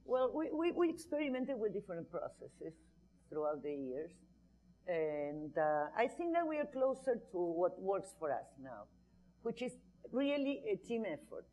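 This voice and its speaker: A woman's voice: mid-range voice, very animated, moderate pace, warm tone, faint music behind, poor audio. A woman speaking on an advertising industry panel, earnest and emphatic, with frequent restarts. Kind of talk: panel discussion.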